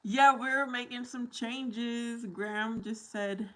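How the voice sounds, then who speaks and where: A woman's voice: fairly high pitch, fairly even intonation, takes it slowly, a bit bright, low-quality recording. A woman hosting a casual livestream from her kitchen while washing dishes, reading viewer comments aloud and laughing often. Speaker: livestream host.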